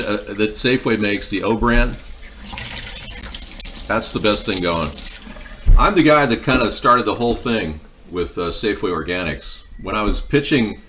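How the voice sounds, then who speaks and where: A man's voice: on the low side, fairly bright tone. A man hosting a casual livestream, chatting while he cooks, wandering off into long stories and answering viewers' comments. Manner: rambling, meandering storytelling, answering chat. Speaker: livestream host. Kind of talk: casual live-stream chat while cooking.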